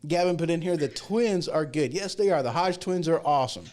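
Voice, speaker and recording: A man's voice: a little high, brisk, darkish tone. A man hosting a casual livestream talk show, chatty and folksy, rambling through asides and jokes. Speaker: show host.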